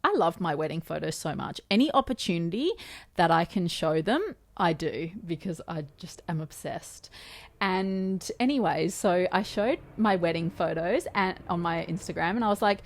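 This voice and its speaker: A woman's voice: fairly low pitch, expressive, moderate pace. A woman in her thirties with an Australian accent, chatting casually and telling a story to the camera with lots of fillers. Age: 30s. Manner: chatty, lots of fillers, quoting others in conversation. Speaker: vlogger.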